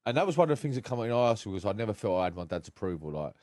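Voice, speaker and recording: Man, very deep voice, dry close sound, frank emotional storytelling, swears. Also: sing-song, very fast, a little mellow, no echo. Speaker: podcast guest. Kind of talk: candid personal storytelling.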